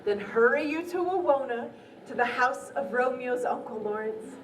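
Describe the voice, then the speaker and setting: A woman's voice: high voice, expressive, normal speed, a little hiss or hum. Woman playing a fussy, complaining aunt. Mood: teasing. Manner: teasing, theatrical groaning and laughing. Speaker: stage actor. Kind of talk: live outdoor theater acting. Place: outdoor stage. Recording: distant echoey live stage recording with music.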